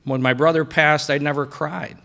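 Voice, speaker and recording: A middle-aged man giving a personal faith testimony at a breakfast event, telling his story and dropping quiet for quoted lines. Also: fairly high pitch, steady tone, moderate pace, creaky. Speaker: guest speaker sharing testimony. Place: banquet hall at a breakfast event.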